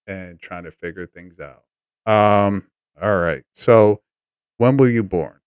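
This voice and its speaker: Livestream host, man, casual and repetitive greetings, lowish pitch, dry sound. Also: takes it slowly, clear, resonant tone, dry recording. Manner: chatty, repeats greetings, coaching guest. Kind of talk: casual live chat.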